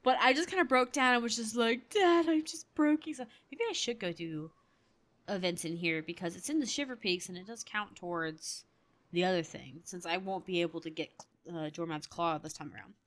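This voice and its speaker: A woman's voice: fairly low pitch, expressive, fairly quick, fairly bright tone. A woman chatting casually while playing a game, telling stories in a rambling way and laughing often. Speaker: gamer. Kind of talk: casual gameplay commentary.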